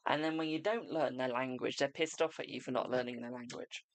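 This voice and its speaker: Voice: medium pitch, steady tone, brisk, dry recording. A tarot reader hosting a casual live stream, chatty and self-mocking, swearing freely.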